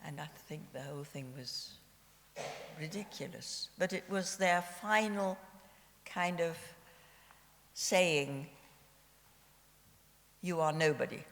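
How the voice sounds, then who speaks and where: A woman in her nineties from Austria, a Holocaust survivor giving her personal testimony at a civic memorial event, telling her story in a slow, measured way with gentle irony. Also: deep voice, a little hiss or hum. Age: 90s. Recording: long hall reverb.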